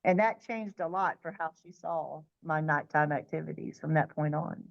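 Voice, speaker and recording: Here the guest's voice is deep, with vocal fry, and the high frequencies are cut off. She's sharing her near-death experience in an interview, describing a childhood spiritual event in a vivid, animated, fast way that now and then restarts.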